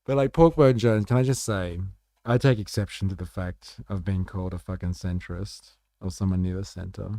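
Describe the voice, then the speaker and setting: A man's voice: low voice, moderate pace, mellow, no echo, studio quality. A man hosting a livestream, reacting to chat in a laid-back, rambling way with swearing and fillers. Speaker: livestream host.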